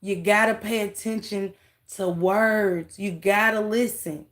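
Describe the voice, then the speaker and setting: Speaking a little slowly in a steady, mid-range voice with a fairly bright tone, a woman streams casually and mocks a clip as she reacts. She addresses her viewers directly, thanks them, and laughs through asides.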